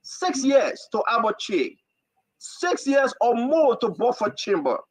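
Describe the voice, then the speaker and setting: A man's voice: extremely high pitch, big pitch swings, slow, breathy edge, no room sound, rough recording. A man with a Liberian accent hosting a talk show, delivering fiery political commentary with repetitive, preacher-like emphasis.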